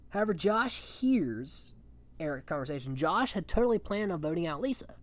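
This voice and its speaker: A man's voice: a little high, big pitch swings, moderate pace. Chatty offhand man recapping a show. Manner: offhand and chatty, swears freely; chuckles often between points. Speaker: reality show recap host. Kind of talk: casual recap commentary.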